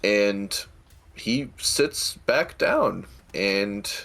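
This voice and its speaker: Low, unhurried man narrating as game master, hesitant delivery. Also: expressive, creaky, fairly bright tone. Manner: hesitant, many fillers and restarts.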